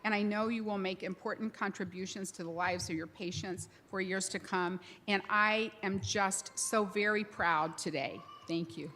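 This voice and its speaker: A woman's voice: medium pitch, fairly even intonation, moderate pace, few pauses, slight background noise. Woman giving a proud ceremony speech. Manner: warm storytelling, proud, conversational. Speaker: university president. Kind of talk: commencement speech. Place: large ceremony hall.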